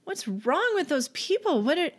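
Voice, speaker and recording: A woman voicing a curious small child of about four or five, asking questions in a high, wondering tone. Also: sing-song, moderate pace. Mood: puzzled.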